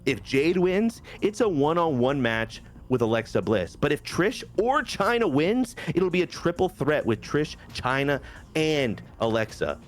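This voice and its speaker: A man who is getting over a cold, casually narrating wrestling matches from a video game storyline in a lively play-by-play. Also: a little high, measured pace, faint music behind. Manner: lively play-by-play recap with asides. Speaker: game player and general manager.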